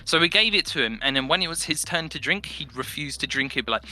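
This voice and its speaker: A young man with an English accent, a podcast guest telling stories in casual chat, animated and swearing freely. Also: fairly high pitch, quick pace. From England.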